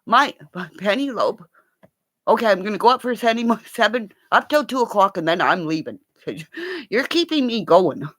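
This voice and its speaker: An older woman with grandchildren, telling funny home stories in a casual, animated way, laughing often and swearing now and then. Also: mid-range voice, normal speed. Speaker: vlogger. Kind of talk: casual storytelling.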